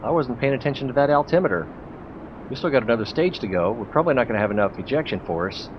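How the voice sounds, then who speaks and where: A man's voice: mid-range voice, lively intonation, quick pace. A man streaming a space game, thinking aloud in a chatty, jokey way as he plays. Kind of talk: casual gameplay commentary. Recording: dull lo-fi stream audio with hiss.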